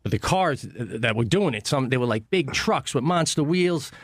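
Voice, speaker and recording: A man telling a story on a talk radio show, fast and animated with lots of swearing, in a radio studio. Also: mid-range voice, slightly rough, no room sound. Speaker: guest comedian.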